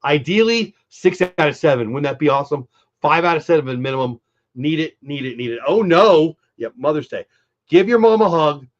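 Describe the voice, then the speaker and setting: A man's voice: on the high side, lively intonation, moderate pace, muffled recording. A middle-aged man with a stuffed-up voice hosting a casual live stream, chatty and upbeat, talking straight to his viewers. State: stuffy, congested. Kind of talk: casual post-game live-stream chat.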